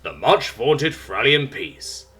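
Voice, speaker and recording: A man's voice: mid-range voice, sing-song, a little fast, bright, forceful tone, soft background music. A man voicing a weary male human ambassador who speaks firmly and sarcastically. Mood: sarcastic. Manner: sarcastic, firm.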